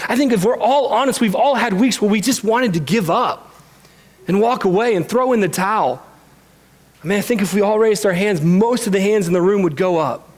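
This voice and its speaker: A man's voice: high-pitched, lively intonation, moderate pace. A man preaching a sermon in a church, earnest and candid, speaking openly of his own struggles. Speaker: pastor. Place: church sanctuary.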